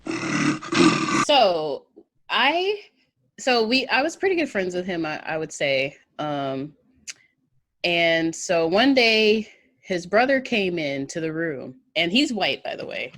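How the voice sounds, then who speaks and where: A woman's voice: fairly low pitch, very animated, takes it slowly, long pauses, a bit bright, no room sound, clean studio sound. A slightly tipsy woman telling a story in casual podcast chat, loose and laughing, with plenty of ums and swearing. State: a little tipsy. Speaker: podcast co-host.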